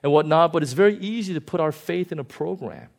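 A male pastor giving a conversational sermon, animated and often chuckling. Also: fairly high pitch, fast talker, creaky.

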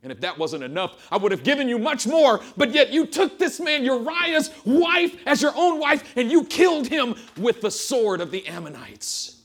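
A man's voice: mid-range voice, lively intonation, brisk, hardly any pauses, breathy edge. A preacher voicing the stern Lord rebuking a king. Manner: loud, preaching, accusing.

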